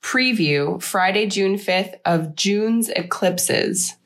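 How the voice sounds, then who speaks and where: A woman co-hosting a podcast, upbeat as she reads announcements and listener mail, her voice husky with a slight sore throat. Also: medium pitch, slow pace. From Chicago area. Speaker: podcast co-host. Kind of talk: casual podcast chat.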